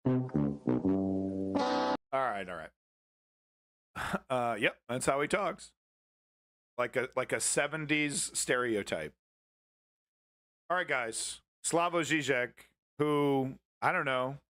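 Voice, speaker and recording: A man's voice: a little high, pushed and bright. A man hosting a live show, talking casually and sarcastically over news clips in a rambling way. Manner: rambling, sarcastic, laughs often. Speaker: show host reacting to clips. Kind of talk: casual reaction commentary.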